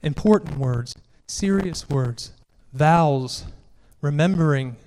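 A man's voice: fairly high pitch, takes it slowly, darkish tone, a little hiss or hum. A man preaching a sermon to a congregation, earnest and building force as he reads scripture aloud. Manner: earnest, rises and presses when reading scripture aloud. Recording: long reverb of a hall.

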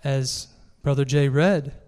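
A man's voice: medium pitch, fairly even intonation, slow pace, a little mellow, smooth. A man preaching a sermon to a congregation, earnest and building force as he reads scripture aloud. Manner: earnest, rises and presses when reading scripture aloud. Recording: long reverb of a hall.

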